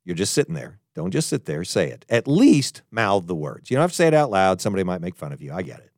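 A man preaching a podcast sermon in an earnest tone, moving between emphatic and hushed. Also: sits low, huge pitch swings, quick pace, gravelly, dry recording, clean studio sound. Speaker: pastor.

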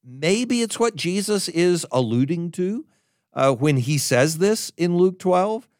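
Male pastor, sermon delivery, fairly high and very animated pitch, dry close sound, emphatic with restarts. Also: slow pace, no room sound.

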